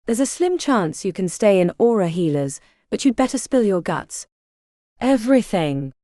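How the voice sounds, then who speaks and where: A woman's voice: medium pitch, sing-song, moderate pace, dark tone, no room sound, studio quality, close to an everyday voice. A woman doing a sneering male doctor. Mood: threatening. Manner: contemptuous, threatening. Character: stern arrogant male hospital doctor.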